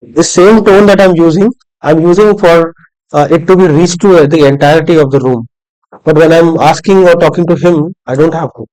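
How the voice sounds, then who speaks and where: A man's voice: on the high side, normal speed, darkish tone, poor audio. A man leading a live workshop on public speaking, talking conversationally and demonstrating intonation with examples to a room of listeners. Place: room with small audience.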